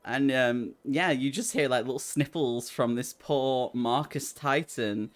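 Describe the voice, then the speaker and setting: A woman's voice: very deep voice, measured pace. A woman narrating as game master of a tabletop game, rambling with many fillers and little laughs.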